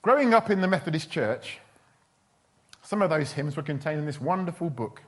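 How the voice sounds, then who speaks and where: A man's voice: a little high, expressive, moderate pace. A man preaching a sermon in a chatty, humorous storytelling way. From England. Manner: chatty, humorous, with quoted voices.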